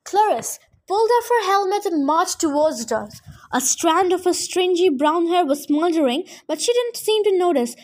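Woman reader with a high voice, expressive first-person storybook narration. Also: moderate pace.

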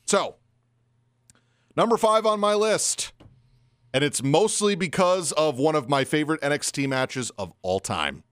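Animated man on a wrestling podcast. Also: fairly high pitch, measured pace, long pauses, smooth, no room sound, clean studio sound. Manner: animated, acts out quoted lines. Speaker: podcast co-host. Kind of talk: casual wrestling podcast chat.

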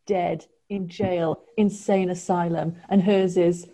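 A woman joining a casual film podcast as a guest, making wry, quick remarks. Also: on the low side, level tone, dark tone.

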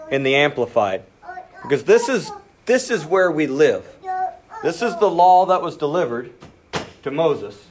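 Male pastor, sermon delivery, slightly high voice, animated, speeds up and drops to a hush. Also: slight background noise. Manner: animated, acts out inner voices, quickens and drops to near whisper.

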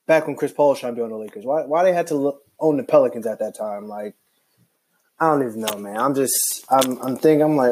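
A man's voice: medium pitch, quick pace, breathy edge. A young man ranting casually and with frustration, rambling and filling his talk with "like" and restarts. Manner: animated, rambling, heavy use of "like". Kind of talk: casual basketball rant.

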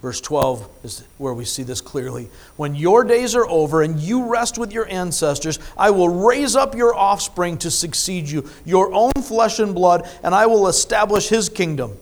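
A man preaching a sermon, reading scripture and explaining it, with emphatic swings between soft asides and loud stressed phrases. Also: sits high, moderate pace, hardly any pauses. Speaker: pastor.

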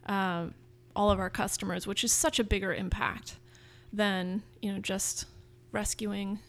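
A woman in her thirties from Northern California talks about her food business in a casual interview. She is eager and chatty, often restarting her sentences, and her voice sits at a mid pitch. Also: steady tone, unhurried. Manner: enthusiastic, chatty with frequent restarts.

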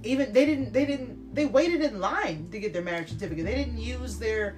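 A woman's voice: on the high side, expressive, fairly quick, over music. A woman hosting a casual podcast, blunt and laughing often, swearing freely as she chats. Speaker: podcast host.

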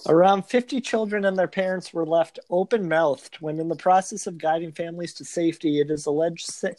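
A man's voice: fairly high pitch, a little fast, a little mellow, no echo. A man co-hosting a comedy podcast, reading a news article aloud and breaking into laughs along the way. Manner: reads steadily, breaking into laughter. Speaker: podcast co-host.

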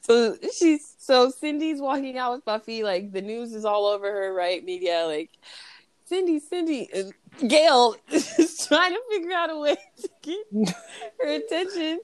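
A woman's voice: high voice, expressive, unhurried, no room sound. A young woman co-hosting a podcast, laughing a lot and swearing as she retells movie scenes in casual chat. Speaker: podcast co-host.

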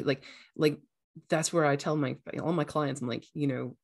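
A woman's voice: sits low, darkish tone. A woman hosting a casual podcast, talking earnestly as a coach and acting out voices now and then. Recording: echoey room sound.

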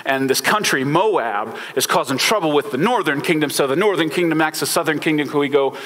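Chatty pastor with a bright voice. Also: male voice, on the high side, brisk, big-room sound. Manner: relaxed, chatty, many fillers, informal slang. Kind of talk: casual conversational sermon.

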